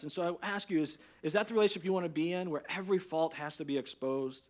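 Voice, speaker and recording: A middle-aged man as pastor, preaching a conversational sermon and telling a personal story with animated restarts. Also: fairly high pitch, racing, few pauses.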